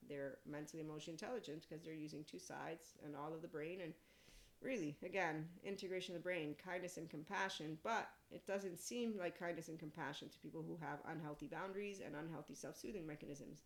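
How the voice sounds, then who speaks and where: A woman with a notably low speaking voice hosts a solo podcast. She rambles through a casual spiritual monologue, blunt and salty, laughing often between her thoughts. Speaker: podcast host.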